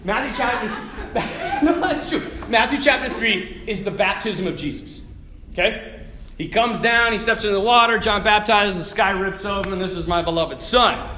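A middle-aged man giving a lively faith talk to a live audience, telling stories and tossing asides to the listeners. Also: high-pitched, moderate pace, slight background noise. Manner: animated storytelling with asides to the audience. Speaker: Catholic speaker. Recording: echoey hall with faint ambience.

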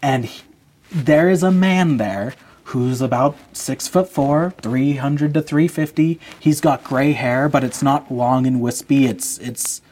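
A man's voice: medium pitch, a little slow, darkish tone. A man in his twenties, a podcast guest, earnestly telling a personal story.

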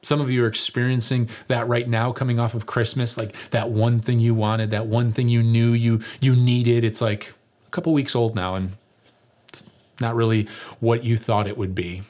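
Animated young man preaching a sermon. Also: mid-range voice, normal speed. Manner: animated, self-mocking storytelling; conversational, rhetorical questions to the congregation. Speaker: pastor. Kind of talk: sermon opening with a personal story.

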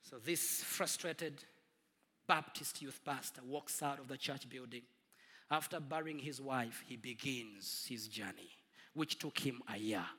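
A man preaching a storytelling sermon, dramatic and husky, swinging from booming to hushed. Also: a little slow. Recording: long reverb of a large hall.

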